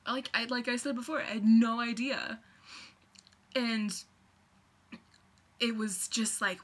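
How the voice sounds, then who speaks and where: A young woman telling a story on her vlog, excitable and rambling, full of fillers and restarts. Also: fairly high pitch, measured pace, pauses often. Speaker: vlogger.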